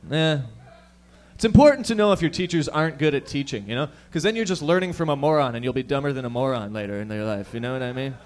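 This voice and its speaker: Profane stand-up comedian, man. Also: medium pitch. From Toronto area, Canada. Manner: profane, rapid-fire joking to the crowd. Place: comedy lounge stage.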